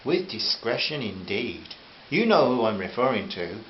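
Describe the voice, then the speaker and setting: A man voicing a posh, excitable upper-class English gentleman, clipped and jovial, in a dull, roomy recording with hiss. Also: fairly low pitch, unhurried. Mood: gleeful.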